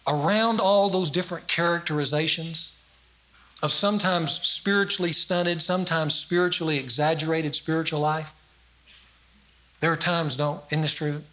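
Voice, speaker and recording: High, bright-voiced man preaching a sermon. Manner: storytelling with acted quotes, rising emphasis.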